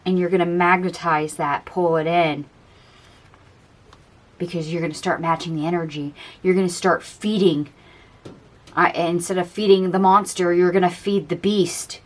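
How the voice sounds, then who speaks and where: Female tarot reader, lowish voice, casual and dreamy, gently encouraging. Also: steady tone, moderate pace. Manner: chatty and dreamy, musing aloud over the cards. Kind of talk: casual tarot card reading.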